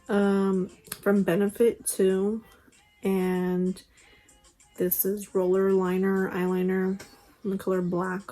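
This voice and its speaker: A woman's voice: medium pitch, level tone, takes it slowly, warm tone, soft background music, low-quality recording. A young woman chatting casually through a makeup tutorial, rambling with lots of fillers, recorded on a phone at home. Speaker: beauty vlogger. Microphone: phone camera.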